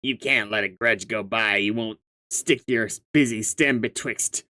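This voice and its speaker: A man's voice: on the low side, unhurried, bright, forceful tone. A man reading aloud as a pushy, profane young sea troll with schemes of his own, speaking in a mocking tone. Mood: scornful.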